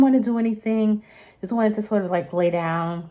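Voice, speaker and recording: A woman's voice: medium pitch, normal speed, mellow. A woman in her thirties telling a personal story in a casual, rambling way, full of fillers and restarts, and a little short of breath. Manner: chatty, rambling with many fillers and self-corrections. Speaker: vlogger.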